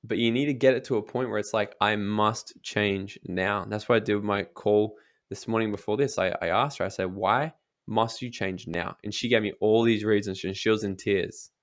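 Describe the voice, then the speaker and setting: A man's voice: fairly low pitch, steady tone, fast. A young man speaking as a guest in an interview, giving emphatic motivational advice and swearing casually. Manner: emphatic, swears casually, acts out quoted voices.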